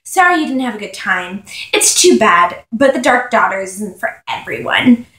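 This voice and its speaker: A woman's voice: fairly high pitch, expressive, moderate pace, fairly bright tone. A woman reading the lines of a snide teenage girl who leads a clique, in an echoey room.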